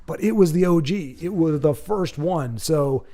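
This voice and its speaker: A man hosting a casual livestream, reading viewer comments aloud and rambling off on animated tangents with lots of restarts. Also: on the high side, unhurried. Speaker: livestream host.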